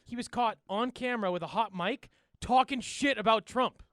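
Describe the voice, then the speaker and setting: A man's voice: extremely high pitch, normal speed, fairly bright tone, no room sound, clean studio sound. A young man co-hosting a podcast, trading crude jokes in casual banter. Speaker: podcast co-host. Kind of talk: casual chat.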